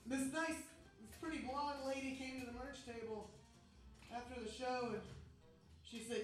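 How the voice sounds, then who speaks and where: Woman comic doing a stage rant, high voice, mock-outraged bursts, heard from a distance. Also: steady tone, moderate pace, pauses often, faint music behind. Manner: mock-indignant ranting, shouts in bursts. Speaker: comic performer. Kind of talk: comedic stage monologue. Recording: echoey room from far off.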